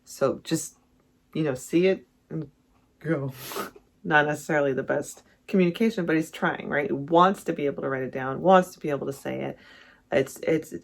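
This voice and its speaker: Gravelly rambling album reviewer. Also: mid-range voice. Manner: rambling, self-correcting, enthusiastic. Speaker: music reviewer vlogger. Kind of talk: casual album ranking commentary.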